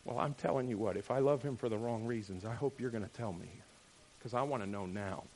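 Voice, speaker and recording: A man preaching a sermon, animated, firing off rhetorical questions and checking in with "right?". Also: mid-range voice, fairly quick, a little hiss or hum. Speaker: pastor.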